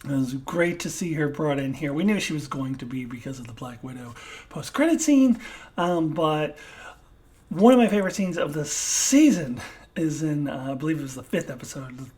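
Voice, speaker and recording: A woman giving an unscripted TV review alone, halting often to search for words and laughing at herself. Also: low voice, animated, darkish tone. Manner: self-deprecating, laughs at herself.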